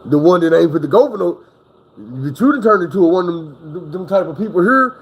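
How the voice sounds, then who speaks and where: A man's voice: sits high, animated, brisk, breathy edge, lo-fi sound. A man telling a story in a casual, rambling, profane way, acting out the people he quotes.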